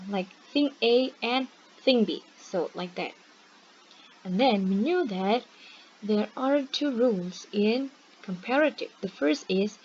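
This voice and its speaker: A woman's voice: a little high, darkish tone. A young woman teaching an English grammar lesson online, patiently checking in with her students. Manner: patient, checks in with "okay?" and "right?". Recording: dull lo-fi recording with faint hiss.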